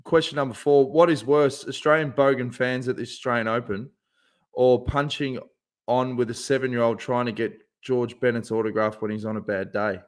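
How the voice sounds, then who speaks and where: A man co-hosting a casual podcast at a middle pitch, bantering, laughing, and spinning stories about weddings and riders. His delivery stays loose and conversational. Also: steady tone, moderate pace. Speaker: podcast host. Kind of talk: casual chat.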